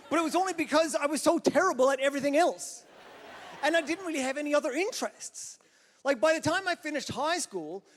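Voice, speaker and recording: A man hosting a comedy festival, telling stand-up jokes in a playful, self-deprecating way. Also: very high-pitched. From Newfoundland, Canada. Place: large theater with live audience. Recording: hall reverb, crowd and noise behind.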